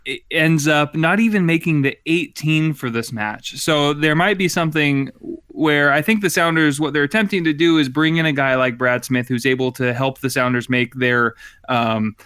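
Smooth-voiced man breaking down a match. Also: a little high, normal speed, a bit bright, dry recording, studio quality. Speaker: podcast co-host. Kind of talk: casual sports analysis.

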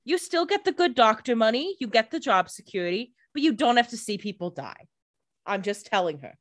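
Woman, wry co-host, exasperated commentary, expressive pitch. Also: brisk, no echo, studio quality. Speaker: podcast co-host. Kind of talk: casual recap chat.

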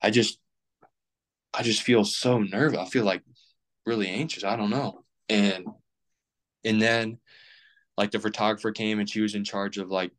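A man's voice: on the low side, steady tone, moderate pace, long pauses, a bit bright. A young man in his twenties, a podcast guest rambling casually with plenty of fillers and restarts. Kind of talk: casual chat.

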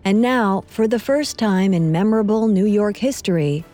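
A woman co-hosting a podcast, narrating history in a measured, scripted way. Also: mid-range voice, mellow, soft background music. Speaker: podcast co-host.

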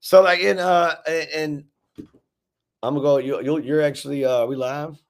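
A man's voice: on the high side, steady tone, normal speed. Guy on a podcast rambling thru stories, swears a ton, keeps restarting. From Memphis, Tennessee. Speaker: podcast guest, rapper. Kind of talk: casual storytelling conversation.

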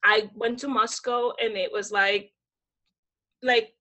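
Guesting on a casual interview, a Dominican woman tells stories in a hyper, animated way and does the voices of the people she quotes. Her pitch is a little high, and she takes it slowly.

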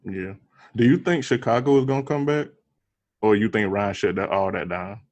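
A man's voice: on the low side, moderate pace, a little mellow, lo-fi sound. A man co-hosting a podcast in casual chat, laid-back, laughing along and swearing. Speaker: podcast co-host. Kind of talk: casual show recap chat.

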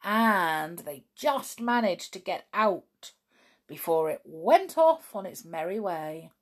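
A woman reading a children's book aloud, expressive, with chatty asides. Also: fairly low pitch, takes it slowly. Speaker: storybook reader.

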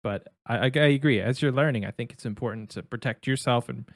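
An easygoing male podcast co-host who gives friendly advice and laughs easily. His middle-pitched voice sounds close and dry, with no room behind it. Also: quick pace, no echo. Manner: easygoing, advising, laughs often. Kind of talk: casual chat and show sign-off.

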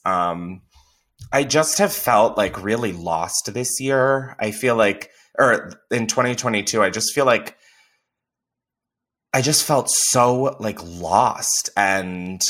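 A man's voice: on the low side, bright, forceful tone. A man hosting a podcast in casual, candid chat, swearing freely and filling his talk with "like". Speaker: podcast host.

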